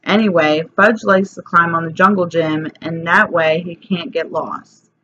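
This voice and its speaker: A woman's voice: fairly low pitch, fairly even intonation, unhurried, a bit bright. Woman, children's book reading, plain storytelling, dull sound, faint hiss. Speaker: reader.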